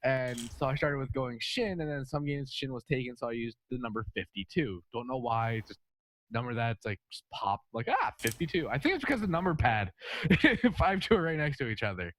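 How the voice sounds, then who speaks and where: A man's voice: medium pitch, lively intonation, fairly quick, fairly bright tone, slight background noise. A man co-hosting a casual gaming podcast, rambling through stories and laughing often. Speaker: podcast co-host.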